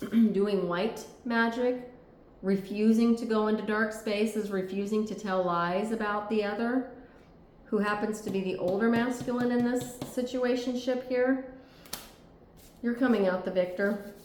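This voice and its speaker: A woman's voice: medium pitch, fairly even intonation, unhurried, darkish tone. A woman giving a tarot reading, talking earnestly and reassuringly and often checking in with "okay?". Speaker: tarot reader. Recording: echoey room.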